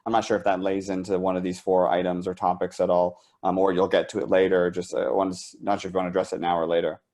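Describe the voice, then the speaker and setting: Brief: male moderator relaying questions, quick and low, polite with fillers. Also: flat delivery, darkish tone. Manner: polite, hesitant, many fillers. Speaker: webinar moderator. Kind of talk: reading audience questions.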